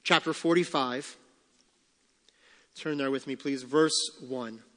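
A male pastor preaching a sermon, reading scripture aloud and acting out the quotes with lively emphasis. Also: medium pitch, slow, in a large hall.

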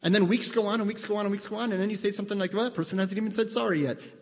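A man's voice: high voice, very fast, hardly any pauses, in a large hall. A male pastor preaching in a conversational way, asking the congregation direct questions and acting out both sides of conversations. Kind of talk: sermon.

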